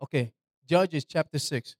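A man's voice: fairly high pitch, measured pace, darkish tone, no echo. A man preaching an informal sermon in a loose, conversational way, often asking his listeners "right?" and dropping "man" into his talk. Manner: slangy, repeats "man" and "right".

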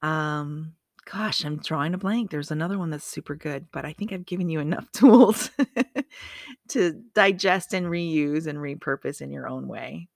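A woman's voice: low voice, moderate pace, gravelly, no room sound, clean studio sound. A woman hosting a motivational podcast, chatty and upbeat, often correcting herself and making asides to herself. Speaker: podcast host.

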